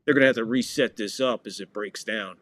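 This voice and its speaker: A man's voice: lowish voice, brisk, fairly bright tone, no room sound. A man hosting a podcast, giving casual live play-by-play of a football match, joking and playfully stumbling over foreign names. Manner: jokey, playfully mangles foreign words. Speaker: podcast host and commentator.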